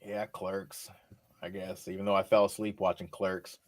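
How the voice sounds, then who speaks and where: A man talking as the guest on a casual podcast interview, laid-back and relaxed, swearing now and then as he talks. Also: low voice, normal speed, no echo, clean studio sound. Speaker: rapper guest.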